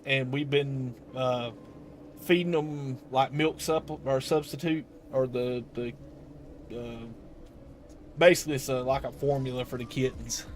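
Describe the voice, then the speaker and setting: A man's voice: medium pitch, fairly even intonation, measured pace, slight background noise. A man live streaming a video game, chatting casually and answering his viewers' chat with lots of restarts.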